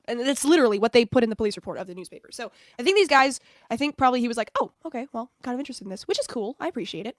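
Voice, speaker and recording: A woman from the United States hosts her live stream in a casual, chatty way, laughing often and jumping between asides. Her voice sits a little high. The sound is close and dry. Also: expressive, very fast, no room sound. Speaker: streamer host.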